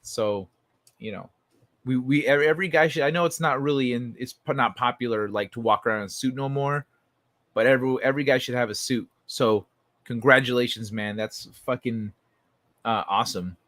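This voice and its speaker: A man hosting a casual late-night stream, reading chat messages aloud in a loose, profane way. His voice sits at an ordinary pitch, and the recording is dry and close with no room sound. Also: a little fast, a bit bright, no echo. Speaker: livestream host.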